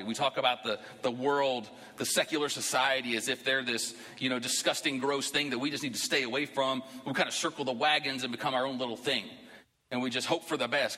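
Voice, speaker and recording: Fast-talking, bright-voiced man preaching. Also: mid-range voice, steady tone, long reverb tail. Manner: conversational preaching, rising to emphatic bursts. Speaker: pastor. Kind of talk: sermon. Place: church sanctuary.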